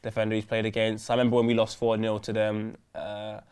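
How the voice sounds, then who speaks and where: A young man, co-hosting a casual football chat show with animated, jokey banter. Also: lowish voice, fairly quick, clean tone. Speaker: co-host. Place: indoor studio seated on chairs.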